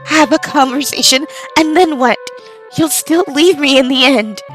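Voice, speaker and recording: A woman voicing a clingy, possessive young woman in a game, pleading in a drawn-out way. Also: high voice, faint music behind, voice pushed up.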